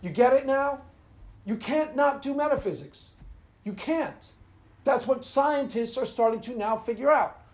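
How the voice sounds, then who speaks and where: A man's voice: very high-pitched, lively intonation, a little slow. Man rambling through a casual rant. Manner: rambling, laughs at his own jokes. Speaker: video host. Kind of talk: casual ranting monologue.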